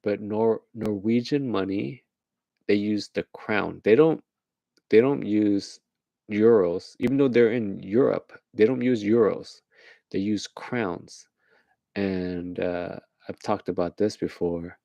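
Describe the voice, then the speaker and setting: Gravelly low-voiced man rambling late at night. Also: takes it slowly, mellow, no room sound, dull audio. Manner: rambling, laughing at his own jokes, acting out voices. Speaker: host. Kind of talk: late-night casual rant.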